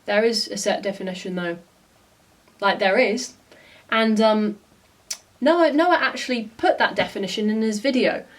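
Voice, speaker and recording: A woman's voice: medium pitch, normal speed, long pauses, recorded from a distance. A woman vlogger giving casual reaction commentary, blunt and exasperated, often swearing.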